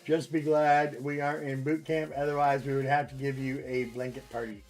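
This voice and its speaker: A man giving casual, relaxed commentary on his own gameplay, thinking aloud with plenty of ums and uhs. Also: mid-range voice, moderate pace, faint music behind. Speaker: gaming streamer.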